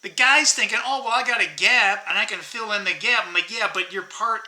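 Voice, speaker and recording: A man's voice: high-pitched, fairly quick, bright, forceful tone. An American man rambling in a casual monologue, laughing often and tagging his sentences with "right?" and "dude.". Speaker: vlogger. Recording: echoey room.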